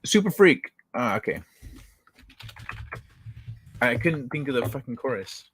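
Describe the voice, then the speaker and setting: A man's voice: mid-range voice, expressive, measured pace, fairly bright tone, slight background noise. A man hosting a casual late-night livestream, joking crudely and bantering with his chat. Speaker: livestream host.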